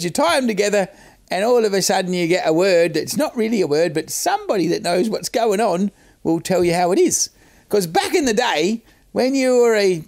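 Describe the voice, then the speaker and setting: An older man explains a rhyme's history in a loose, self-mocking way, with the odd crude word. His voice sits high for a man and is gravelly, and his pitch swings widely as he talks. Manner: chatty, self-mocking, salty language. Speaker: host. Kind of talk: casual storytelling explainer.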